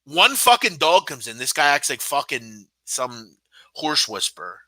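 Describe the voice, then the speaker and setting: Profane, exasperated betting-show host. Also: male voice, mid-range voice, very animated, a little slow, bright, forceful tone, no echo. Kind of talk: live-stream casual rant.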